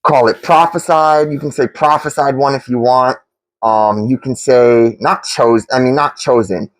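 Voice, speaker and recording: A man talks through a rambling spiritual monologue, stopping often to restart and reach for words. His voice sits at an ordinary middle pitch. The sound is dry and close, with little room in it. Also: fairly even intonation, dry recording, low-quality recording. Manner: halting, many restarts and fillers. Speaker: tarot channel creator.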